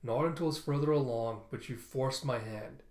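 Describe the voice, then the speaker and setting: A composed alien statesman, read aloud by a man from a comic, speaking in slow, deliberate phrases. The voice stays close to an ordinary speaking voice. There is a roomy echo around him. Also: medium pitch, a little mellow, close to an everyday voice. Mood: measured. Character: measured male alien leader, calm and diplomatic.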